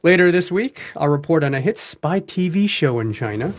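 A man hosting a public radio interview, asking questions in a measured, conversational way. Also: on the high side, animated, slight background noise. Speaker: radio host.

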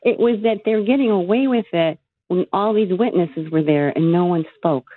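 A woman calling in to a radio show, telling her story in an animated, worked-up way. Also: lowish voice, moderate pace. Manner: animated, still angry while retelling. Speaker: caller. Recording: tinny phone line.

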